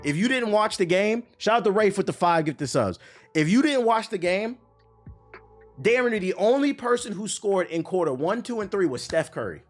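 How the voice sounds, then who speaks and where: A man's voice: high voice, lively intonation, moderate pace. A young man streaming live, ranting in a heated, profane and emphatic way, with faint music behind him. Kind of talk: animated live-stream rant.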